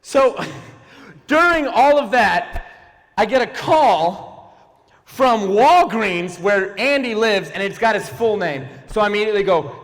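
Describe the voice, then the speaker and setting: A young adult man performing a stand-up comedy set and slipping into quick silly character voices. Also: high voice, animated, a bit bright. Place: church hall, live audience. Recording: long hall reverb.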